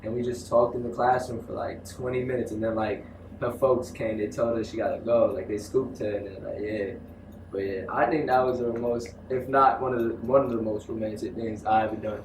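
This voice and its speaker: A man's voice: mid-range voice, fairly quick. A young man tells stories in a loose, slangy way, full of energy. His voice sits in the middle of the male range. It comes from a distance in an echoey room with a faint hiss behind it. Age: young adult. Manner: animated slangy storytelling. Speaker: interviewee. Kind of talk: casual storytelling. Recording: echoey room, mic from far off.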